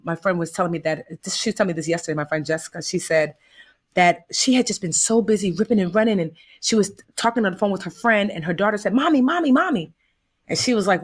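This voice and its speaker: An American woman, appearing as a guest, swaps stories in easygoing conversation, animated and voicing the characters she quotes, with folksy asides mixed in. Her voice runs on the low side.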